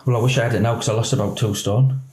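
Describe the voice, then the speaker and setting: Ex-cop, animated storyteller. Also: male voice, mid-range voice, very fast, roomy sound, slight background noise, poor audio. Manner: animated storyteller acting out quoted dialogue. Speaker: guest, former police officer. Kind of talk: candid podcast interview.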